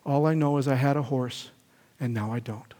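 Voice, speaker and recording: A man voicing a poor, wise old village man in a sermon story, speaking quietly and evenly. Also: medium pitch, lightly acted. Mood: measured. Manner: quiet, even and measured. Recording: echoey hall reverb.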